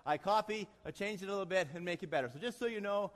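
A man's voice: high voice, fast talker. A man, a church leader preaching a sermon in a plain, direct, self-deprecating way. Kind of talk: sermon with a joke and prayer. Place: church hall. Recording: long reverb of a church hall.

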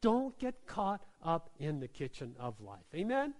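A male pastor preaching a sermon, drawing the congregation in with repeated "Amen?" and "right?" and swinging between soft low asides and emphatic exclamations. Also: wildly swooping pitch, unhurried, long reverb tail.

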